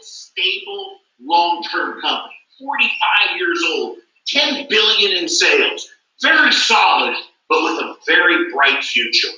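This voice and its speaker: A man's voice: sits high, big pitch swings, measured pace, sharp tone, slight background noise. A man giving a motivational stage speech at a company event, emphatic and repetitive. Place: large event hall. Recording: echoey hall from far off, dull.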